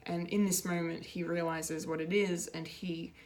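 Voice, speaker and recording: Female pop culture reviewer, low-ish voice, chatty and rambling recap delivery. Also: moderate pace. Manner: rambling and excitable, many fillers and restarts.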